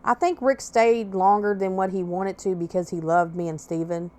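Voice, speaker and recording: Woman, podcast host, candid storytelling, blunt, swears freely, mid-pitched voice. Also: fairly even intonation, moderate pace, warm tone. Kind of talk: personal storytelling monologue.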